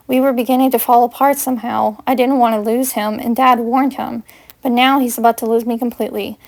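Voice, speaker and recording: A woman's voice: a little high, fairly even intonation, a little fast, creaky, darkish tone. A woman reading her own first-person fanfiction aloud in an earnest storytelling way. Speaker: fanfiction reader.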